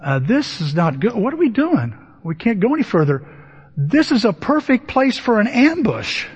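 A pastor preaching a sermon, telling the story with animated energy, acting out voices and asking the congregation questions. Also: male voice, high-pitched, moderate pace, husky. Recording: dull, lo-fi audio with long hall reverb. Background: laughter from the congregation.

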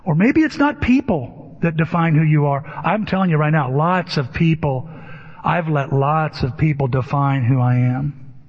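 A man's voice: fairly high pitch, animated, unhurried. A male pastor preaching a sermon in a conversational way, often asking the audience questions. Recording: dull echoey hall sound.

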